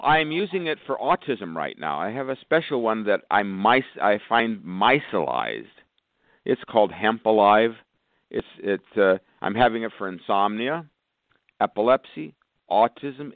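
A man, a doctor, speaking as a guest in a radio interview, rambling through long lists with sudden jumps in pitch. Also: no echo. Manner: rambling, lists conditions, bursts of higher pitch. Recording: phone-like narrow band, dry.

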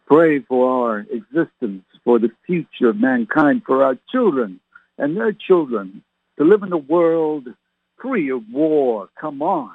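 A man's voice: medium pitch, lively intonation, unhurried, breathy edge, no echo. A man preaching as a reverend, firing rhetorical questions at his listeners and calling them his friends. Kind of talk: radio sermon. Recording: tinny phone-like radio sound, dry.

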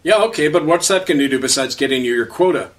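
A man's voice: on the high side, lively intonation, fast, lightly acted. A man playing a weathered older Cree man who talks bluntly and sarcastically, recorded from a distance off the mic. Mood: laconic. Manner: blunt, street-wise, sarcastic.

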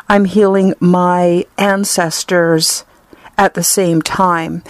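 A woman's voice: lowish voice, no echo. A woman from Canada, giving an earnest, effusive personal testimonial.

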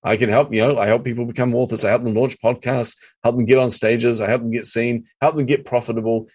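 A man's voice: mid-range voice, level tone, fast, a little mellow. A middle-aged man, telling stories as a guest in an interview and acting out his own reactions. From New Zealand. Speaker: podcast guest, marketing coach. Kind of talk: storytelling interview chat.

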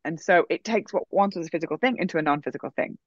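A woman telling a personal story in a casual, animated way, full of fillers. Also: on the low side, rapid-fire, dry recording. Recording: dull, dry sound.

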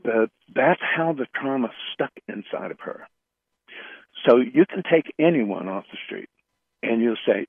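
An earnest man speaks as a radio guest, his talk halting and looping back over phrases. He sounds thin and narrow, as if over a phone line, with a dry, close sound. His pitch sits in an ordinary middle range. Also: lively intonation, creaky, husky, dry recording. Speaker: radio show guest, flower remedy practitioner. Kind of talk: storytelling in a radio interview.

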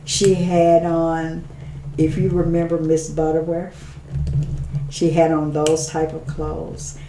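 Gravelly woman telling an emotional story. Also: low-pitched, takes it slowly, reverberant, background noise. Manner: animated storyteller, laughs often, drops to a hush for quotes. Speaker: interview guest. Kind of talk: emotional personal testimony.

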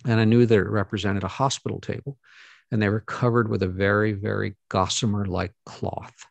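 A middle-aged man, a guest speaker, earnestly telling a personal story to an audience, halting often with fillers and restarts. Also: on the low side, level tone, creaky, no room sound, dull audio.

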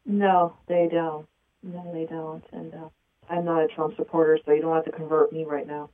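A woman's voice: low-pitched, level tone, normal speed, no echo. A woman interviewer talks in a chatty, frank way, asking her questions casually. Her voice sounds tinny and dry, as if it came through a phone. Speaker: radio interviewer.

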